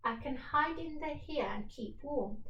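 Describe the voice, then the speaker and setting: A hungry little troll from a storybook mutters his plans in a small, timid voice, as a woman reads him. The tone is bright and a little raised. It sounds distant in a roomy space. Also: high voice, measured pace, dull audio, pitched above the performer's own voice. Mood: scheming. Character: hungry male troll, meek and scheming.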